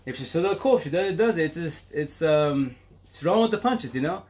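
On a live stream from home, a middle-aged man talks casually, rambling and emotional, swearing freely and laughing often. His voice is on the high side, animated and a little mellow, and he speaks fairly quickly.

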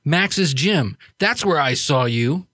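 A man voicing a big, young, easygoing male troll gang member, with halting, laid-back speech in a dry recording. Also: a little high, expressive, a bit bright, no echo, exaggerated voice. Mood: casual.

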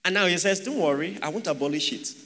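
A man delivers a sermon in a high, bright voice that rings out with force. He keeps pressing his listeners with rhetorical questions and teasing asides. His words echo through a large hall with a long reverb. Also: quick pace, a little hiss or hum. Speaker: preacher.

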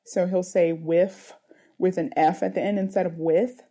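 A woman's voice: on the low side, fairly even intonation, a little fast, warm tone. A woman in her thirties, a mother speaking earnestly in an interview, searching for words with many fillers. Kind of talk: reflective personal interview.

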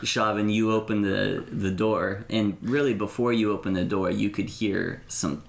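A man narrating as game master of a tabletop game, talking haltingly with fillers and restarts. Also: fairly low pitch, fairly even intonation, vocal fry, reverberant.

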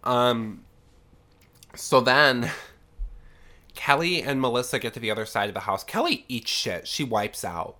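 Bright-voiced young man recapping a horror film. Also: mid-range voice, expressive, measured pace, pauses often. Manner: chatty, sarcastic, heavy use of "like". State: congested from a sinus infection. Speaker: podcast host.

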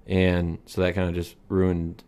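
A man's voice: low-pitched, monotone, measured pace, darkish tone. A young man co-hosting a podcast, telling rambling stories and laughing at his own jokes. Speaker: podcast co-host. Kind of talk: casual chat.

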